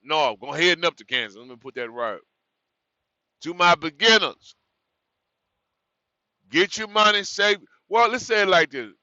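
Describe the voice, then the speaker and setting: A man's voice: a little high, animated, moderate pace, pauses often, pushed and bright, dry recording, highs cut off. A man who drives trucks, giving new drivers frank, rambling advice in a casual vlog, correcting himself and repeating words as he goes.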